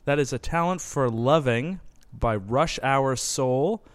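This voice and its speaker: A man's voice: medium pitch, slow pace, no echo. A man co-hosting a casual podcast, joking around and often repeating words as he talks. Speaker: podcast co-host. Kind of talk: casual chat.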